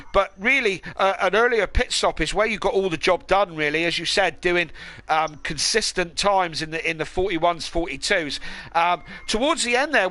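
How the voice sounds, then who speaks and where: High bright-voiced race host. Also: male voice. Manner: chatty, filler-heavy, enthusiastic. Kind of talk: post-race interview commentary.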